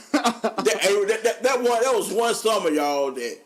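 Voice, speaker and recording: A man, a podcast co-host telling funny stories in casual chat, animated and laughing often. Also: unhurried. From North Carolina. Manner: animated, laughing often, drops low for quoted voices. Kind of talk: casual storytelling.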